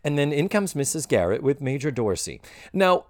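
A man hosts a casual podcast, talking with a lively, swooping pitch and a camp, animated manner. He slips into quick character voices when retelling scenes. The sound is close and dry, with no room around it. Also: dry recording. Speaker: podcast host.

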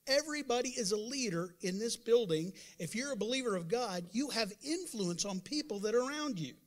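A man with a notably high speaking voice preaches a sermon as pastor. He talks to his congregation in a conversational way, mimicking doubters, then rises into sudden emphatic bursts and calls out to the room. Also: expressive, fairly quick.

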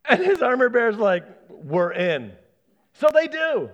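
A man preaching a sermon as pastor, animated, acting out the voices he quotes. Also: very high-pitched, fairly quick, lo-fi sound.

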